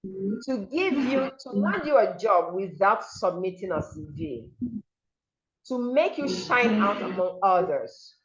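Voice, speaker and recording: A woman leads a diction lesson at a very unhurried pace and repeats each example word several times. Her voice sits in a middle register. The recording sounds slightly muffled and lo-fi. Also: mid-range voice, expressive. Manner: repeats words slowly and models pronunciation. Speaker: diction teacher. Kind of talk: pronunciation seminar lecture.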